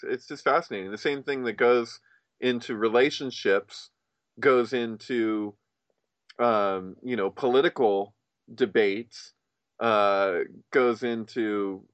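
A man in casual chat who swears often and acts out other people's lines in a raised, excited voice. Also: on the low side, dry recording.

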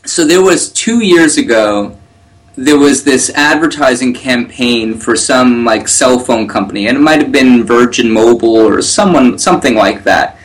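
A middle-aged man co-hosting a casual talk, telling stories quickly with repeated words. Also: medium pitch, rough recording. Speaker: podcast co-host. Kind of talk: casual conversation.

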